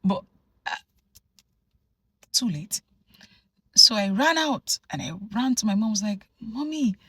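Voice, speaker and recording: A woman from Nigeria telling a personal story to camera in an animated, conversational way, full of asides. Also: medium pitch, normal speed, breathy edge, no echo. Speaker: vlogger. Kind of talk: storytelling vlog.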